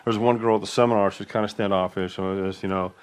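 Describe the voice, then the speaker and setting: A man's voice: lowish voice, fairly even intonation, very fast, clear, resonant tone. A man co-hosting a casual talk, telling loose, filler-heavy travel stories. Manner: rambling, filler-heavy storytelling. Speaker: podcast co-host. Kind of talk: casual conversational chat.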